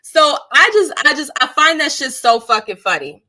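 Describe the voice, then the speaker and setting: A woman talks straight to her live-stream chat in a high, bright voice. She swears freely and hammers her points with emphasis. She breaks into laughter often between her points. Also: big pitch swings, moderate pace. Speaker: streamer and channel host. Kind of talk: casual live-stream commentary.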